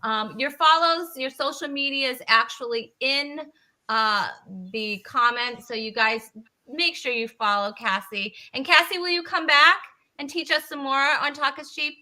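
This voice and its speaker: A woman's voice: high voice, measured pace, sharp tone. Bubbly woman hosting a live chat show. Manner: bubbly, chatty, laughs often. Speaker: talk show host. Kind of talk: casual live-stream chat.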